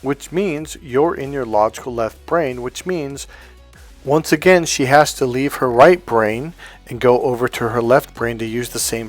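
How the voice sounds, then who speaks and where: A man working as a dating coach, telling a story to camera in a blunt, casual way with heavy swearing. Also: mid-range voice.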